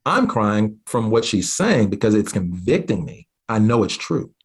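Husky low-voiced man telling a story. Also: very animated. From southeastern Oklahoma. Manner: earnest, halting restarts, slows down at key moments. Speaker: guest.

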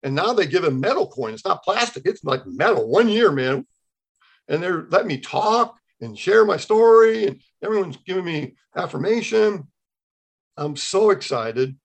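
A man in his sixties with a gravelly, slightly husky voice, guesting on a podcast. He tells his own faith story in an animated way and jumps into the voices of the people he quotes. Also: sits high, normal speed. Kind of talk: telling a personal testimony.

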